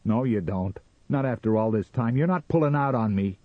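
A man voicing a boastful, panicky pioneer who shouts his defiance, on a slightly muffled recording. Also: medium pitch, lively intonation, very slow, no echo, pitched above the performer's own voice. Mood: frantic. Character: brash panicky male pioneer, boastful and quick to violence.

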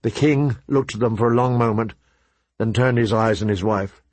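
A man narrating an audiobook in a measured, dramatic storytelling manner. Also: medium pitch, a little mellow, no room sound. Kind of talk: scripted narration.

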